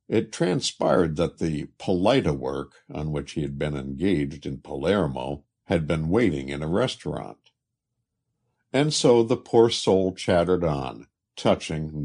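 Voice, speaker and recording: A man narrating a literary travel story in a measured way. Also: very deep voice, darkish tone, slightly rough.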